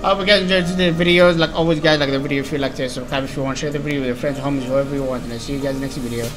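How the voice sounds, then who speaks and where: A man commentating his own gameplay, yelling at a hard boss fight and swearing, with quiet mumbled asides between outbursts. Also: mid-range voice, steady tone, racing, over music. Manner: shouts and yells at the game, swears, slangy. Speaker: gaming YouTuber.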